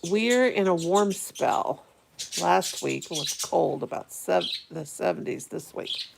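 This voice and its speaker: A woman's voice: on the low side, expressive, slow pace, gravelly, noisy background. A woman hosting a casual home vlog, chatting in a rambling, easily amused way while sitting by a window. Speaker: vlog host. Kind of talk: casual chat to viewers.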